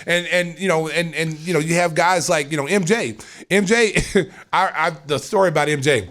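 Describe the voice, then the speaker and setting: A middle-aged man hosting a podcast, telling stories in a lively, casual way. He acts out what others said, with sudden jumps in pitch and loudness. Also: normal speed. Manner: animated, acts out quotes with big jumps in pitch and volume. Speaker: podcast host and former pro player.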